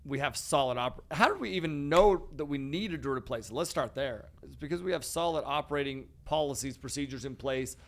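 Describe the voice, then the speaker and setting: Brief: male podcast host, hyped and emphatic, casual "dude" and "bro" talk, medium pitch. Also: fairly quick, few pauses. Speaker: podcast host, real estate investor.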